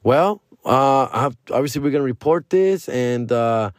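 A man's voice: mid-range voice, normal speed, no echo, studio quality. A man hosting a podcast, telling a story casually and profanely, acting out the people in it. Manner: profane, animated retelling with quoted dialogue. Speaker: podcast host.

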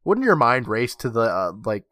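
A man's voice: mid-range voice, moderate pace, no room sound, studio quality. A man co-hosting a podcast, recapping an episode scene by scene and acting out the characters' lines. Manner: animated retelling, acting out lines. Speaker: podcast co-host.

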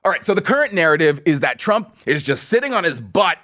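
A man hosting an opinion podcast, talking in a sarcastic, mocking and animated way. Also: a little high, brisk, few pauses. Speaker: podcast host.

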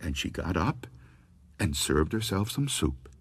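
A man reading scary stories aloud, slow and expressive. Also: low-pitched, husky, no echo. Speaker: storyteller.

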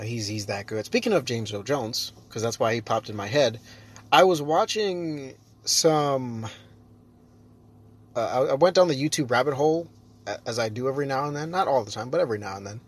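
A young adult man chatting casually on his own, rambling with lots of fillers and restarts. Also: mid-range voice. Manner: rambling, self-correcting, frequent fillers. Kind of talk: casual solo chat.

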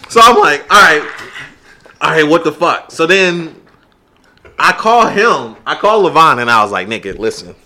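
A man telling a story in casual chat, animated and profane, acting out his own reactions in quotes. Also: on the high side, background noise.

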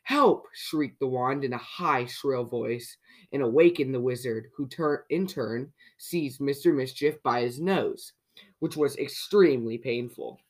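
A podcast host reading a picture book aloud to children in a lively way, often asking the listener questions. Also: medium pitch, unhurried. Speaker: children's story reader.

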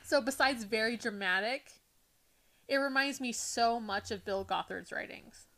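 A woman's voice: a little high, measured pace, a bit bright. A woman co-hosting a casual podcast, laughing often and reading a book aloud with dramatic flair. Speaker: podcast co-host.

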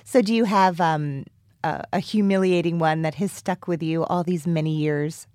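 Conduttrice di podcast, voce femminile piuttosto bassa, battute asciutte, suono secco. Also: female voice, no echo, studio quality. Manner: wry, quick deadpan quips. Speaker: podcast host. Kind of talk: casual interview chat.

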